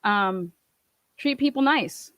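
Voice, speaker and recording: A woman's voice: mid-range voice, animated, slow pace, no room sound. A young woman telling a heated, profane storytime rant, full of swearing and laughs. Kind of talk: ranting storytime.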